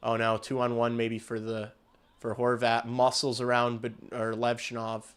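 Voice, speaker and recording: A man hosting a hockey livestream, calling the game in casual play-by-play and getting loud and excited on big chances, with some swearing. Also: medium pitch, moderate pace, clean tone. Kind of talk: casual live play-by-play commentary.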